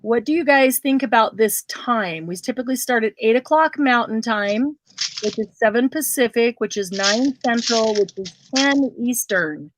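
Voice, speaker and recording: A woman's voice: a little high, slight background noise. A woman hosting a casual craft livestream, chatting with viewers and calling them by name.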